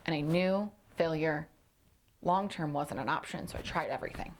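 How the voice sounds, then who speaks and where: A woman's voice: sits low, normal speed, slight background noise. Emphatic woman podcast host. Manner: emphatic, repeats phrases for punch. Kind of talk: motivational solo podcast talk.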